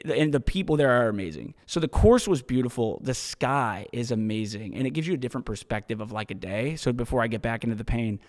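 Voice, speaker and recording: A man's voice: medium pitch, a little mellow, in a large hall. A man hosting a solo podcast, talking in a loose, rambling way and swearing freely. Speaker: podcast host.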